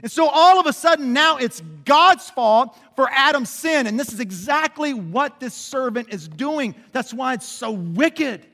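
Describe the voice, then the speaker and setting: A man with a strikingly high, bright voice preaches in a sanctuary with a long reverb trailing his words. He is animated, swinging from hushed emphasis to near shouts. He keeps asking the congregation questions and waits for them to answer. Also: unhurried, hardly any pauses. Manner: asks the congregation questions and calls for responses. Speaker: pastor. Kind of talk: sermon.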